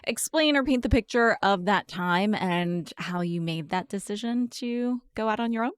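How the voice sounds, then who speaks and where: Female host, eager and curious, mid pitch, dry close sound. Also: normal speed, smooth, dry recording. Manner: enthusiastic, self-described nerd. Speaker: podcast host. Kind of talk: interview questions.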